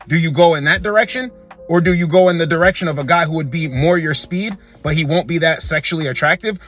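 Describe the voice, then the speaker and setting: Man, emphatic dating commentary monologue, lecturing, repeats himself, slightly high pitch. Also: fairly bright tone. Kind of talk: opinionated monologue.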